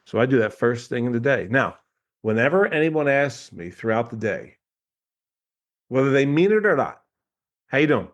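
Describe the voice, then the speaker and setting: At a moderate pace and medium pitch, a man chats as a guest coach on an easygoing podcast. He spins animated stories, laughs frequently, and slips into little impressions of people.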